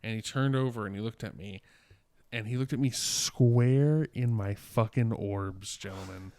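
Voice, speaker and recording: Low, smooth-voiced guy in his twenties. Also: measured pace, darkish tone. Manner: rambling, profane storytelling with many fillers. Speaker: podcast co-host. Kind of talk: casual podcast chat.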